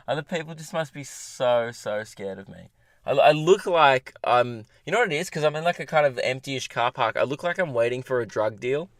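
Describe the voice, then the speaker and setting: A man's voice: medium pitch, expressive, moderate pace, no echo. A young Australian man hosting a comedy podcast alone from a parked car, ranting in an exasperated, rambling, self-mocking way. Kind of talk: rambling solo podcast rant.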